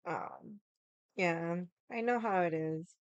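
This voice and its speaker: A woman streams from her room and tells a long story to her chat. She swears freely and leans on fillers as she talks, in a smooth, clear voice. The sound is close and dry, with no room around it. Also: on the low side, takes it slowly, dry recording, lo-fi sound. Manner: chatty, swears a lot, many fillers. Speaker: livestream host. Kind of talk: casual storytelling to a live chat. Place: home room.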